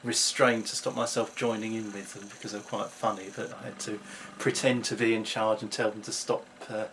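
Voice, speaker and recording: A man's voice: lowish voice, level tone, a little fast, a bit bright, slight background noise. A middle-aged man, chatting to camera at home in a rambling, self-mocking way. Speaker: vlogger. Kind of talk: casual chat to camera.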